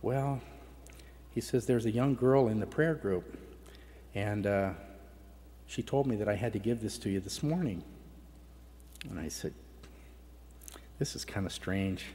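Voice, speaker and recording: A middle-aged man gives a heartfelt personal testimony at a conference, his voice breaking with emotion now and then. He speaks a little slowly with long pauses, in a warm voice on the low side, and the large conference hall adds long reverb along with a little hiss or hum.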